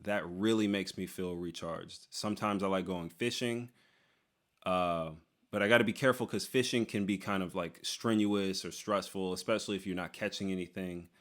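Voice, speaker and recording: A young man with a slightly low voice chats loosely while reading out and answering viewer questions. He jokes a lot, leans on "dude" and "like", and often restarts his sentences mid-thought. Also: steady tone, normal speed, fairly bright tone. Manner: loose and joking, lots of "dude" and "like", trails off and restarts. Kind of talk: casual Q&A chat.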